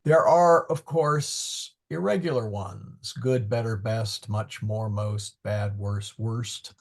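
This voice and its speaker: A low, husky male voice with a gravelly edge. He teaches Latin in a slow, deliberate way. He stops often to search his notes and mutters asides under his breath. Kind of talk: classroom Latin lesson.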